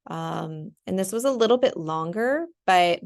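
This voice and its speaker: A woman's voice: fairly low pitch, lively intonation, a little slow, creaky. A young woman teacher talking through an essay outline on screen, chatty and full of ums and "right?". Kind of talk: casual screen-share lesson.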